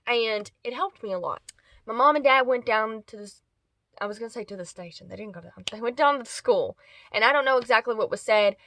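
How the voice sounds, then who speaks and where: A woman's voice: a little high, fairly bright tone, no echo. A woman telling a casual storytime vlog, rambling and correcting herself as she goes. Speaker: vlogger.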